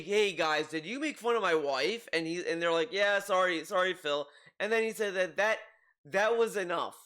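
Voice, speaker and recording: A man's voice: high-pitched, fairly bright tone. A man giving casual commentary, rambling with frequent restarts and asides. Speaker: commentary youtuber.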